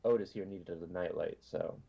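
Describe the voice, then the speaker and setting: A man speaking in character at a tabletop game, wry and joking. His voice is husky and somewhat low. The sound comes through a dull, lo-fi mic. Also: normal speed, warm tone. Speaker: player. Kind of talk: tabletop role-play, casual.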